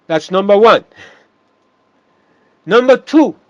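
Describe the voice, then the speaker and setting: A man's voice: high-pitched, animated, slow pace, no room sound, lo-fi sound. A man preaching a sermon, emphatic, often repeating words and restarting phrases.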